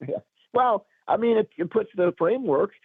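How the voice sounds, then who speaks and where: A man with a cold and a raspy voice, a guest on a radio talk show, speaking emphatically and pushing up to his key points. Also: high-pitched, lively intonation, moderate pace, no echo. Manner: emphatic, rising to punch lines. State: hoarse from a cold. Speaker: guest commentator. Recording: phone line.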